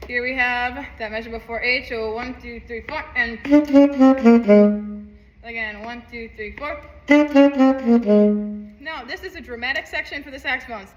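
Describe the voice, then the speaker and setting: A woman's voice: on the high side, normal speed, sharp tone, echoey room, faint music behind, low-quality recording. A woman teaching a saxophone part, upbeat, counting aloud and singing rhythms. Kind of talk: music lesson walkthrough.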